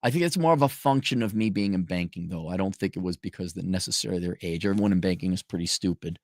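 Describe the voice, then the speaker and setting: A man's voice: low-pitched, quick pace, darkish tone, dry recording, studio quality. A man hosting a show, giving blunt, sarcastic and profane commentary in a casual way while reading viewer donations.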